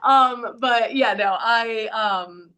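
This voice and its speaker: Woman chatting in an interview, bright clear voice, says like a lot, laughs easy. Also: on the high side, very slow. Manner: chatty and animated, fills talk with "like" and "you know"; acts out others in quoted voices, laughs easily. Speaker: witchcraft shop owner and guest. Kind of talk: casual interview chat.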